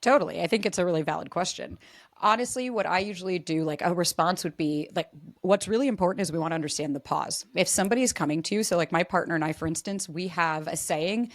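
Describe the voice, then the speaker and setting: A woman's voice: lowish voice, a little fast, no room sound. A woman relationship coach, a podcast guest, explaining earnestly and acting out example dialogue. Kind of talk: explanatory interview talk.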